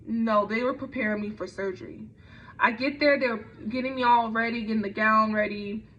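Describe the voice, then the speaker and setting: A woman's voice: on the high side, fairly even intonation, normal speed, a bit bright. A young woman telling a personal story in a conversational way, with frequent fillers and restarts. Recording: dull lo-fi recording.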